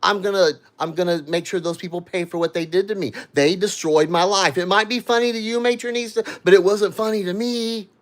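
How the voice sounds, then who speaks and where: A man's voice: high-pitched, fairly quick, few pauses. A man vlogging, ranting in an agitated way and swearing as he addresses a critic directly. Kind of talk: angry livestream rant.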